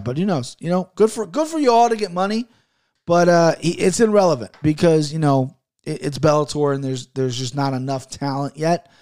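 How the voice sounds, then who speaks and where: Male podcast host, slightly higher voice, blunt and profane, rambling delivery that turns fired-up. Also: a little mellow. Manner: gets fired up, pushing listeners hard. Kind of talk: solo podcast monologue.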